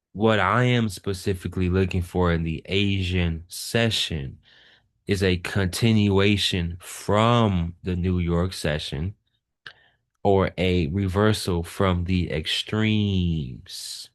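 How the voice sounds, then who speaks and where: A man's voice: deep voice, slow. A man giving a trading lesson over a screen share, emphatic and repeating his key points. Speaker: trading educator.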